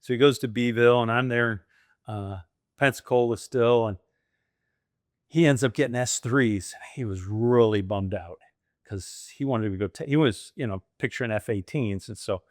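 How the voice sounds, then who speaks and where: Middle-aged man, storytelling guest, lively, laughs a lot, mid-pitched voice, dry close sound. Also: moderate pace, dry recording. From United States. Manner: animated, laughs often, acts out quoted dialogue. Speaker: guest, former military pilot and franchise owner. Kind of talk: conversational storytelling interview.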